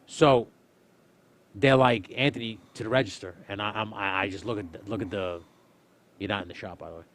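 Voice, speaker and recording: A young man casually telling a story on a stream, swearing often and loudly acting out what people said. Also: fairly low pitch, brisk, slight background noise. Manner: animated, swearing, acts out quotes loudly. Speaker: streamer, host.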